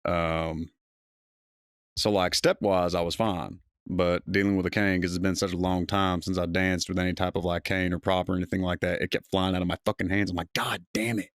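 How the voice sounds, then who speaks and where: A man's voice: deep voice, little pitch movement, a little fast, smooth, no room sound, studio quality. A man co-hosting a casual podcast chat, rambling through stories and swearing freely. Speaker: co-host.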